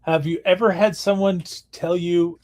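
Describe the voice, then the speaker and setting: A man's voice: sits high, fairly even intonation, moderate pace, a little mellow. A man co-hosting a casual livestream, speaking hesitantly with repeated words and dry jokes. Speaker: stream co-host. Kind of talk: casual chat on a co-working livestream.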